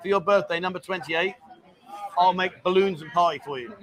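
A man's voice: high-pitched, fairly quick, fairly bright tone. A man hosting a casual livestream from a bar, teasing his guest and reading viewer comments aloud. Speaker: bar show host.

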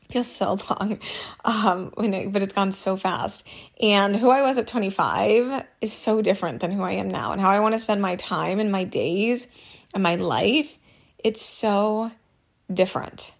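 A woman in her thirties hosting a solo business podcast, chatty and candid, her voice a little hoarse from allergies. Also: medium pitch, a little slow. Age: 30s. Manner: candid, chatty, many likes and ums. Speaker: podcast host.

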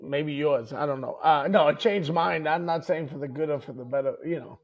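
Gravelly, husky man with a New York accent. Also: on the high side, a little fast, lo-fi sound. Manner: blunt, gruff, swears freely. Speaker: guest. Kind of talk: casual chat.

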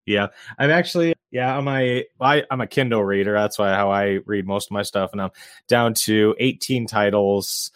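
A man's voice: on the low side, moderate pace, clear, resonant tone, dry recording, clean studio sound. A man guesting on a podcast, talking about real estate in an easygoing way with frequent chuckles and fillers. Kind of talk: casual interview chat.

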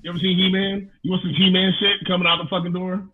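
A man's voice: high voice, little pitch movement, fast talker, phone-quality sound, a crowd in the background. A man co-hosting a podcast, ranting emphatically and cussing in casual chat. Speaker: podcast co-host.

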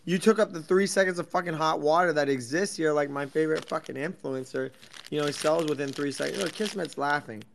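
A young man with a gravelly edge on a fairly high voice rants in loud, sarcastic, profane bursts. He jumps from topic to topic in casual, rambling banter. Faint background noise sits under his voice. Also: fairly quick. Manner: loud, swearing, jumpy and sarcastic. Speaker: crypto space host. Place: office at night.

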